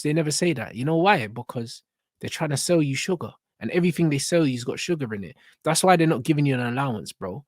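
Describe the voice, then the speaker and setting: A man's voice: mid-range voice, expressive, fast, dry recording, studio quality. A young man, ranting bluntly with lots of slang and swearing as he reacts to a video. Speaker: reaction channel host.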